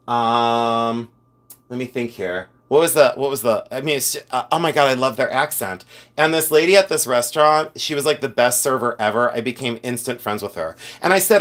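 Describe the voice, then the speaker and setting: A man's voice: mid-range voice, fairly quick, fairly bright tone. A middle-aged man from Ohio hosting a casual live stream, telling chatty stories, laughing often and reading viewer comments aloud. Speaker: livestream host and reseller.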